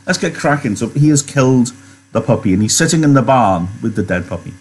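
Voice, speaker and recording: A man's voice: mid-range voice, lively intonation, fairly quick, slightly rough. A man teaching, reading a novel aloud and chatting about it with rhetorical questions.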